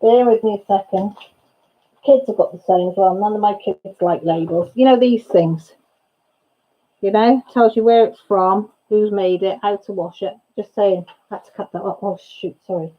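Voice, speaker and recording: The audio has a phone-quality sound as a crafting channel host chats away on her casual home livestream. Her voice is medium in pitch and normal in speed, and she rambles, frequently interrupting herself before finishing a thought.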